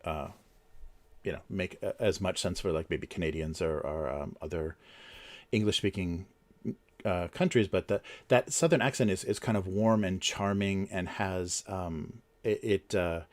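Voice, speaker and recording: A man's voice: deep voice, a little slow. A man hosting a casual livestream, talking in a rambling way with many fillers and restarts. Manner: chuckles between points. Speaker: livestream host.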